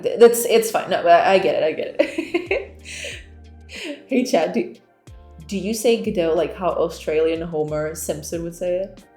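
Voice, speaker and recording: A woman's voice: on the low side, darkish tone. A woman, a game developer streamer, chatting casually with viewers, giggling often and reading chat aloud. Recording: roomy echo with faint background music.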